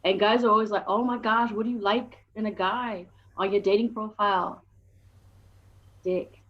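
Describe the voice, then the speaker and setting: A woman's voice: mid-range voice, steady tone, moderate pace. A woman in her forties doing brash, raunchy stand-up comedy with punchy delivery. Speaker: stand-up comic. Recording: slightly dull recording with faint noise.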